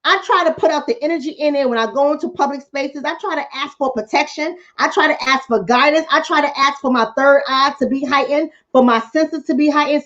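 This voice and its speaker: A woman's voice: high-pitched, highs cut off. A woman vlogger and coach giving impassioned commentary to her viewers, preaching, repeating lines for emphasis and calling them family.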